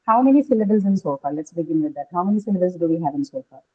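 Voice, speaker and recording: Fairly low-pitched, dark and husky, this woman's voice leads an English pronunciation lesson where she often adds "right?" and quizzes students. The audio is dull and lo-fi.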